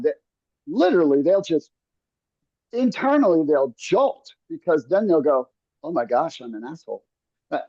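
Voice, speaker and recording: A man's voice: a little high, dark tone, dry recording, muffled recording. A man talking earnestly in a casual podcast conversation, coaching listeners with frequent restarts and asides. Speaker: podcast host.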